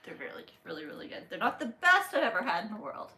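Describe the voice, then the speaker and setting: A woman's voice: medium pitch, big pitch swings, fast talker, pushed and bright. A woman co-hosting a casual livestream, joking and chiming in briefly. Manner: playful, brief interjections. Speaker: co-host. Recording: roomy echo with faint noise.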